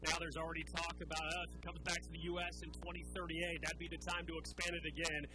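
Slightly higher male host, casual, brisk wrap-up questioning. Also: little pitch movement, rough recording. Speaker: podcast host.

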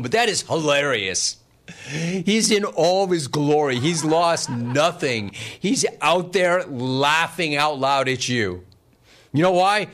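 A sports talk host with a fairly high voice riffs sarcastically on the news. He laughs often and teases fans, and his delivery stays animated. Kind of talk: casual sports talk, reading chat.

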